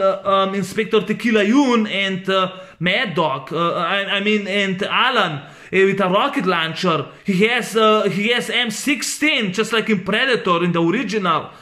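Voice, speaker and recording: A movie reviewer with a bright, high male voice gives a casual spoken film review. He rambles and halts, full of fillers and restarts.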